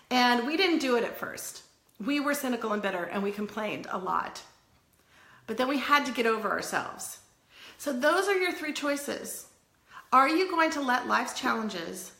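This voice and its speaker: A woman giving an earnest, tough-love motivational talk, chatty with quick asides. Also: fairly high pitch, sharp tone, roomy sound. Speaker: wellness vlogger.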